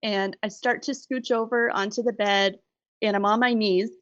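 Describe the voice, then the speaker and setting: A middle-aged woman telling her story as a podcast guest, animated and laughing often. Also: mid-range voice, moderate pace, no echo, highs cut off. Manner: animated retelling, laughs often, acts out quoted voices. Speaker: guest, bereaved mother. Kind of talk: conversational storytelling.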